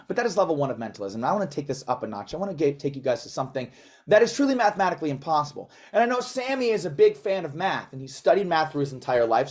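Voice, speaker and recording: A man working a crowd as a magician, full of showy, self-mocking patter. His pitch swings up and down as he talks. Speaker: magician performing for a live audience.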